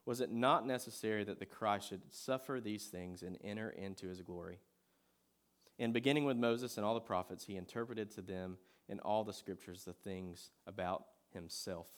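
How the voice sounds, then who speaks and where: Male pastor, sermon, casual preaching style, swings from loud emphasis to soft reading. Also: fairly low pitch, normal speed. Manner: conversational preaching, shifting between loud emphasis and quiet reading.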